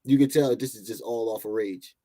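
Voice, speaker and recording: A man's voice: medium pitch, brisk, warm tone. A man giving mocking, laughing commentary as he reacts to a video clip.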